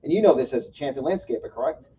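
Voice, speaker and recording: A man's voice: medium pitch, lively intonation, racing. A man with a New York accent, a guest giving an emphatic, preachy motivational talk and repeating his phrases. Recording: distant dull mic, faint noise.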